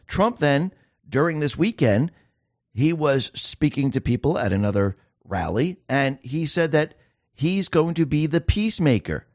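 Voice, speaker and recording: A man's voice: on the high side, very animated, measured pace, darkish tone, no room sound, studio quality. A man hosting a political commentary monologue, talking emphatically and firing off rhetorical questions. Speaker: show host.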